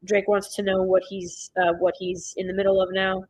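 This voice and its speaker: A woman streaming a watch party, blurting excited reactions, swearing, and recapping the plot in loose, rambling sentences. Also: medium pitch, moderate pace, husky, rough recording. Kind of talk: live watch-party commentary.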